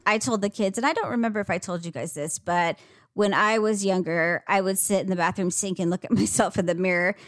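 A woman's voice: medium pitch, a little fast, no room sound. A woman chatting casually as a podcast co-host, telling stories with giggles and free swearing. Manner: giggly, storytelling, swears freely. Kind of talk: casual chat.

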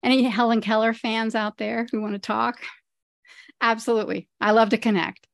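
A woman's voice: a little high, flat delivery, moderate pace, vocal fry, no room sound, clean studio sound. A middle-aged woman, a podcast guest, speaking in a friendly, casual way and laughing easily. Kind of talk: casual interview chat.

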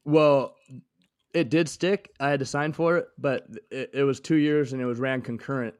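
A man talks in a relaxed, rambling way during casual conversation, often trailing into filler words as he tells it. His voice has an ordinary middle pitch. The sound is close and dry. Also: normal speed, clear, resonant tone, no echo. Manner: laid-back, rambling, drifts into filler words.

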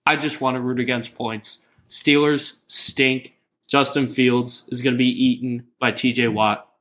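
A man's voice: mid-range voice, little pitch movement, measured pace, fairly bright tone. A man co-hosting a casual sports betting podcast, laying out his picks bluntly with crude jokes. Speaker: podcast co-host.

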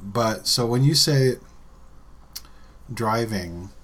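A man's voice: lowish voice, drawn-out words, a bit bright. A man in casual chat, asking dry, teasing follow-up questions.

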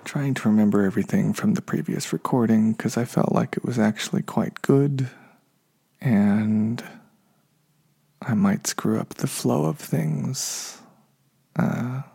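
A man speaks alone on his podcast in a hushed, husky, deep-toned voice with a strong gravelly fry. He talks loosely and unscripted, often correcting himself along the way. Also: measured pace. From United States. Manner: unscripted, self-correcting, slightly frustrated. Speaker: podcast host. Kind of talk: solo podcast monologue.

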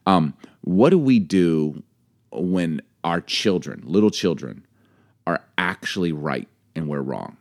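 Low-voiced man telling stories. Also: slow, no echo, clean studio sound. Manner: animated storyteller, acts out quotes. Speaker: podcast co-host. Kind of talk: casual chat.

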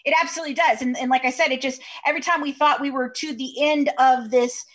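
A woman's voice: high voice, steady tone, quick pace, fairly bright tone. A woman from Kentucky, a podcast guest, chatting over a video call in a chatty storytelling way with many fillers. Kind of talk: casual interview chat over video call.

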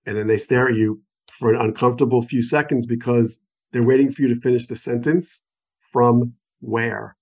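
A man's voice: medium pitch, fairly even intonation, a little fast, a little mellow. An American man, a wine expert guest on a phone call, explaining in an enthusiastic, digressive way with many examples. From United States. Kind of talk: conversational interview explanation.

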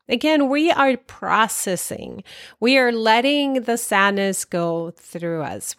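A woman's voice: on the high side, lively intonation, measured pace, no room sound, studio quality. A woman talking directly to the listener with self-care advice, encouraging and often laughing lightly. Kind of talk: casual advice talk.

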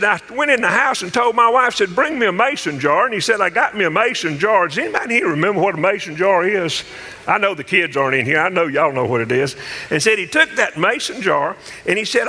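A man preaching in a church, his voice high and bright as it rings through a long, echoing hall. He spins folksy stories and drives them home with emphatic preaching. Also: lively intonation, fairly quick, creaky. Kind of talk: sermon.

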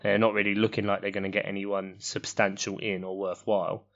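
A man's voice: fairly low pitch, little pitch movement, brisk, fairly bright tone. A man hosting a casual, jokey chat and leading the questions. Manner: jokey, puts on voices. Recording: slightly dull lo-fi sound.

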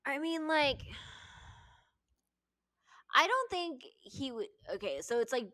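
A woman's voice: sits high, sing-song, slow pace, pushed and bright, no echo, studio quality. Blunt young woman co-host. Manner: blunt, emphatic reactions with swearing. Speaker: podcast co-host. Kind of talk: casual chat.

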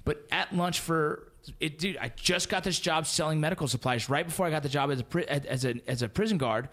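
A man in his thirties telling stories in casual podcast chat, animated and profane with lots of slang. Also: fairly high pitch, fairly quick.

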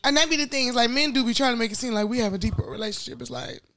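A woman's voice: a little high, rapid-fire, fairly bright tone. A young woman co-hosting a podcast in casual chat, emphatic and slangy, often affirming her co-host.

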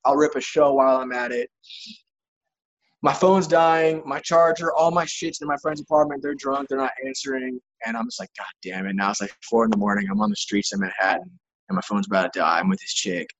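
A man's voice: mid-range voice, fairly even intonation, brisk, dull audio. A young man, a touring musician, telling a rambling story in casual chat, with profane words and lots of filler.

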